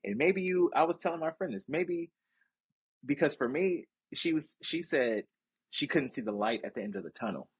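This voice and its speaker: A man's voice: on the high side, expressive, moderate pace, slightly rough, no echo. A young man co-hosting a podcast, telling stories animatedly in casual chat, swearing and laughing often. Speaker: podcast co-host.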